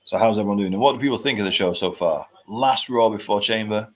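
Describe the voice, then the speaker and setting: A man's voice: on the low side, fast talker. Chatty man hosting a stream. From United Kingdom. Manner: chatty, answers viewer comments with dry jokes. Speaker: host. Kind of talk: live stream chat.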